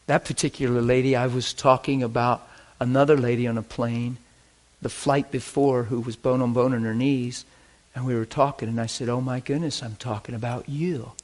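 A man preaching a sermon, telling stories in an animated way that swings from hushed to loud. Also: medium pitch, moderate pace. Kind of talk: sermon storytelling.

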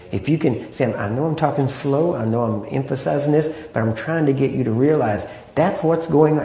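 A man's voice: mid-range voice, moderate pace, few pauses, warm tone. A man preaching a sermon in an easy, conversational way, often asking "Amen?" and "right?" to draw agreement. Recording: echoey room.

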